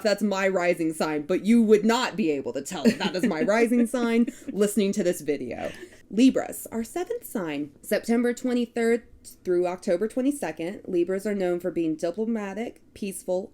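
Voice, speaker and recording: A woman's voice: mid-range voice, normal speed. Texan woman reading zodiac traits. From Texas. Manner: reads list of traits in a steady cadence, laughs at herself. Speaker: podcast co-host. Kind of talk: casual chat.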